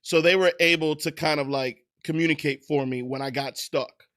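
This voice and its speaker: A man's voice: fairly high pitch, steady tone, normal speed, a bit bright. A man chatting casually on a livestream, loose and profane, laughing at himself as he answers viewers. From United States. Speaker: streamer.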